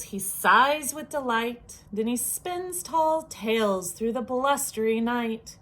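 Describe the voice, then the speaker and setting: Slow, expressive woman reading a picture book. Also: on the high side. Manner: expressive, playful rhythmic reading. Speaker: storyteller. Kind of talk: children's picture book read-aloud.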